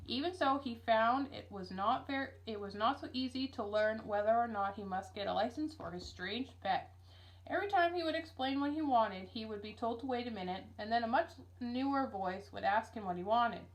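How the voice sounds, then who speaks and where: A woman teacher reading a children's book aloud, expressive and shifting her voice for each character. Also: fairly high pitch, normal speed, rough recording. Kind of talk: read-aloud storybook narration with character voices.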